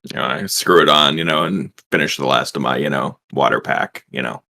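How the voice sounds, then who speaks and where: A man playing in a tabletop game, talking in a relaxed way with lots of fillers. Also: a bass voice, fairly quick, vocal fry. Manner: relaxed, filler-heavy speech. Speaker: player. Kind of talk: casual tabletop game play.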